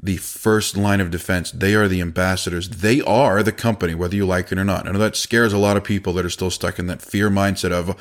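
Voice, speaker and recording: A man's voice: low-pitched, fairly even intonation, fairly quick, few pauses. A middle-aged man, a business owner, talking bluntly in a casual podcast monologue, swearing now and then and acting out what others said. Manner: blunt, conversational, swears casually, acts out quoted voices.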